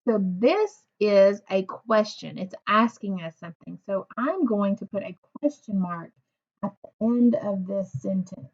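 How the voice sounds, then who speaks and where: A woman teaching a recorded reading lesson to young children, speaking slowly and patiently, praising and asking questions of pupils who aren't there. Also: mid-range voice, muffled recording. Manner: slow, patient, encouraging, asks questions to unseen pupils.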